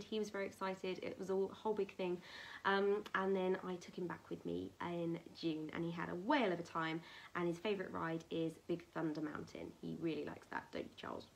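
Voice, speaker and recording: A woman chatting to camera about a haul, rambling with ums, little laughs and soft whispered asides. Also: medium pitch. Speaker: vlogger showing a merchandise haul. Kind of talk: casual chat to camera.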